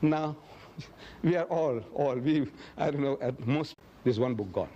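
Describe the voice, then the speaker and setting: A man's voice: mid-range voice, measured pace, mellow, dull audio, a little hiss or hum. A man gives a public lecture and answers audience questions. He tells stories emphatically and acts out quotes in a raised voice. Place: lecture hall.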